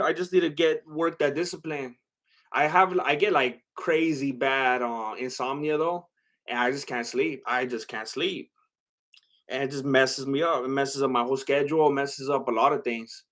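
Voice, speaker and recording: A man's voice: medium pitch, steady tone, normal speed, a bit bright. A young man hosting a casual livestream and reading out chat, talking in a rambling, hesitant way with lots of fillers and restarts.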